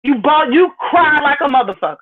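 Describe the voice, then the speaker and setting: A woman with a high-sitting voice, lively intonation and a brisk pace hosts a live stream. She rants heatedly, bluntly and profanely while greeting viewers in the chat, over phone-like lo-fi audio.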